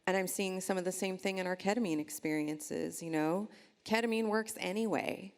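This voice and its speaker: A woman's voice: fairly low pitch, normal speed. A woman on a panel discussion who talks in a reflective, questioning way.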